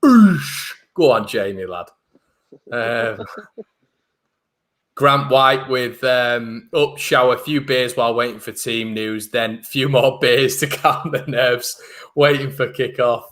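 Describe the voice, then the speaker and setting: Young male host, bright tone, chatty and upbeat. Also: mid-range voice, slow pace. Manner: chatty and upbeat, tripping over restarts. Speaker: host of a football fan channel. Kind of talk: casual chat, reading viewer comments.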